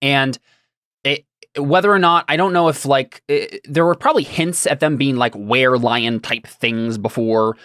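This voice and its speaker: A man's voice: medium pitch, moderate pace, fairly bright tone, clear, resonant tone, dry recording, studio quality. A man narrating as game master of a tabletop game, rambling and hesitant with many fillers.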